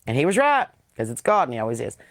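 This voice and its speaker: A woman's voice: extremely low pitch, sing-song, quick pace, no echo. Blunt Southern woman host, dry sound. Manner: blunt, profane, folksy preaching with laughs. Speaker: podcast host. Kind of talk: casual livestream chat reading viewer comments. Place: on a porch. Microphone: computer mic.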